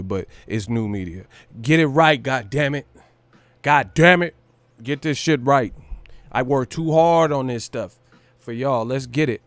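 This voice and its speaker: A Californian man hosts a boxing livestream in a brash, profane rant, riffing hard and bursting into laughter and sung lines. His voice is mid-range, and there's no room sound.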